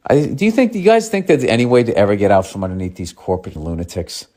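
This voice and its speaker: A man's voice: fairly low pitch, fast talker, dark tone. Male podcast host, casual monologue, profane and sarcastic rants.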